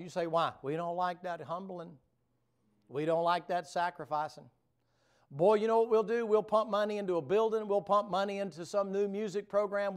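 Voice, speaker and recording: In a smooth, high-sitting voice, a man preaches at a church revival before the congregation in the sanctuary. His folksy sermon starts homespun and joking, then rises into fervent preaching.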